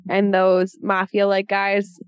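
A woman's voice: mid-range voice, completely flat delivery, slow, clear, resonant tone, no echo. Woman chatting, slightly muffled. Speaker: podcast co-host. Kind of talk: casual movie chat.

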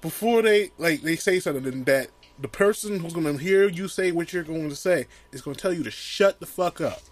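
A man co-hosting a podcast, talking in casual chat that breaks into loud, profane rants with laughter. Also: on the high side, a little fast. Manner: animated, profane ranting with laughs. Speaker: podcast co-host. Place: small home studio.

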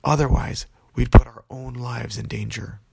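Two plucky young princesses from a storybook whisper their plans in earnest, as a man voices them. The voice is gravelly and husky, recorded dry and close. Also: mid-range voice, fairly even intonation, normal speed, a little mellow, no echo, exaggerated voice. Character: two brave young princesses disguised as ogres.

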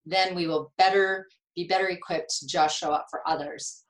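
Animated middle-aged woman telling her story. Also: on the low side, normal speed, rough recording. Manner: animated, emotional storyteller with laughs and restarts. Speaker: guest, nurse and speaker. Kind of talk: conversational interview storytelling.

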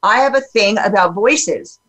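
A woman talking openly in a casual podcast conversation, animated and full of fillers and restarts. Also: medium pitch, a little slow, low-quality recording.

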